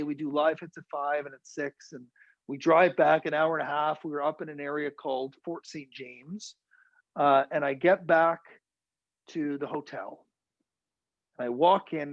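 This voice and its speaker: A man from Canada, a TV news reporter, telling vivid firsthand stories as a guest and slipping into the voices of the people he quotes. His voice sits somewhat high. The sound is dull, dry and lo-fi, like a video call. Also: dry recording. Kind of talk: storytelling in a virtual talk.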